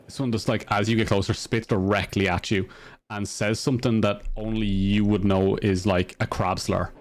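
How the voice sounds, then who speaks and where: A man running a tabletop game as dungeon master, rambling with lots of fillers and quick laughs. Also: lowish voice, steady tone.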